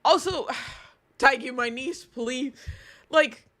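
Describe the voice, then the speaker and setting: Woman streamer, bright and high, animated rants. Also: slow pace. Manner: animated, outraged ranting with laughs. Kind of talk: casual live-stream chat.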